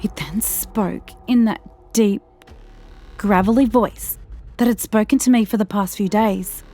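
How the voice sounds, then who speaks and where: A woman's voice: medium pitch, faint music behind. Woman narrating a tense horror story. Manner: tense, hushed, slowing down and dropping to a whisper at scary moments. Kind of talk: scripted first-person horror narration.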